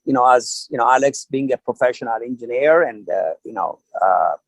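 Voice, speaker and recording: A man's voice: medium pitch, lively intonation, fairly quick, no echo, low-quality recording. A man coaching on a small-business program panel, talking in a rambling, hesitant way full of fillers. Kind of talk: online panel discussion.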